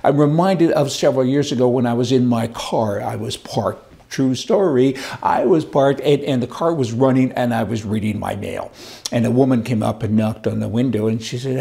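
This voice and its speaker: A man's voice: medium pitch, a little fast, gravelly, a little mellow. A middle-aged man hosting a rambling opinion monologue, telling stories in a folksy, sarcastic way and chuckling as he goes. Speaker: commentary show host.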